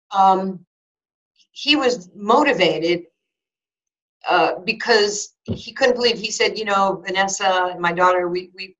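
A woman in her sixties recounts a personal story in an interview, lively and animated. She restarts her sentences often and acts out both sides of each conversation. The recording sounds a little dull and lo-fi. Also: medium pitch. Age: 60s. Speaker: former basketball player and sports broadcaster. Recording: slightly dull lo-fi audio.

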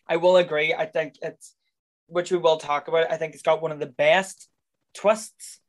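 A man's voice: a little high, fairly even intonation, moderate pace. A man in casual conversation, bluntly and profanely ranting as he reviews a film. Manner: blunt, sweary, exasperated ranting.

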